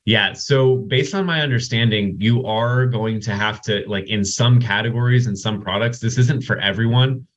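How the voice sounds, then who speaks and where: Lowish guy hosting a webinar q&a, rambly, dull call audio. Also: moderate pace, few pauses, a bit bright. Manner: chatty, many restarts and "like"s. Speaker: host of software Q&A. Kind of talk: casual webinar chat.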